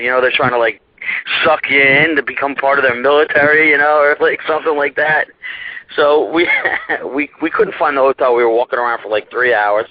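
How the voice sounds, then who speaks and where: A man's voice: mid-range voice, fairly quick, slight background noise. A young man telling a rambling, profane story about a trip as a guest on a talk show, laughing at his own tale. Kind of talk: casual storytelling. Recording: muffled dry internet radio.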